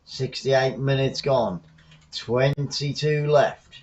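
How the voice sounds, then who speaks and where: A man from the south coast of England with a Southern English accent, giving chatty live football commentary as a fan, shouting on goals. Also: mid-range voice, steady tone, slow pace, lo-fi sound.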